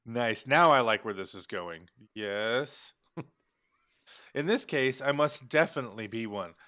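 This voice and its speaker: A man reads a story game aloud, stopping to joke about the text and to correct himself. His voice is bright and forceful at a mid pitch. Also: animated, slow. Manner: reads the story aloud, breaking off for joking asides. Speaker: game player reading aloud. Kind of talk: let's play narration with commentary.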